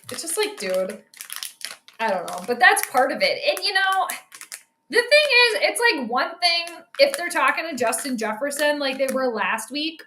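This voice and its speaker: A woman's voice: on the high side, bright, forceful tone, reverberant. A woman hosting a sports live stream, chatting casually and joking with a co-viewer as she comments on the game.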